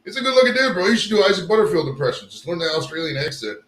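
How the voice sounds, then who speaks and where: A man's voice: sits high, big pitch swings, very fast, a bit bright. Profane rambling man hosting live. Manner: profane, rambling, fixes gear on air. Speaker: live show host. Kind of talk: casual live-stream chat. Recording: roomy echo.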